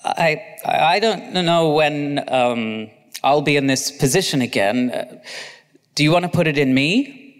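A man's voice: fairly high pitch, measured pace, in a large hall, lightly acted. A man voicing a nervous, stammering young man of about twenty-one. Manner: stammering, hesitant.

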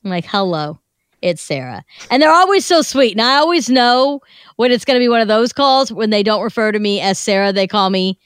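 Higher-voiced woman radio host telling stories. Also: brisk, smooth, no echo, clean studio sound. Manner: lively storyteller who acts out the other voices in her stories. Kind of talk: storytelling on a radio show. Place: radio studio.

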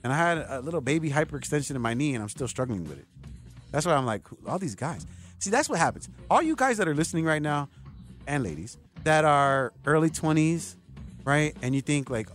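A man's voice: on the high side, animated, brisk, faint music behind. Chatty sports radio host in his thirties. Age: 30s. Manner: rambling, chatty, addresses listeners directly. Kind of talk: casual sports talk monologue.

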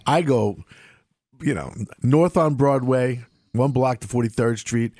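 A man's voice: mid-range voice, slow, a little mellow, no room sound, clean studio sound. A middle-aged man, a former police officer, telling rambling self-mocking stories with laughter on a talk show. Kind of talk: casual storytelling on a sports talk show.

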